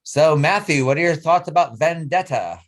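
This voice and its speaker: A man hosting a casual podcast discussion, reading out episode summaries in a lively way. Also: fairly high pitch, normal speed.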